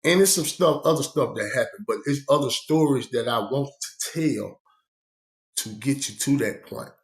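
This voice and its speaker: A man's voice: mid-range voice, moderate pace, echoey room. A man telling a story in a rambling, profane, conversational monologue. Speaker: vlogger.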